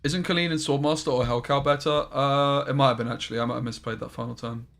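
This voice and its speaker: Bright-voiced young male game streamer. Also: mid-range voice, steady tone, fast talker, gravelly. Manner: casual, chatty, reads chat aloud. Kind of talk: live-stream commentary while playing.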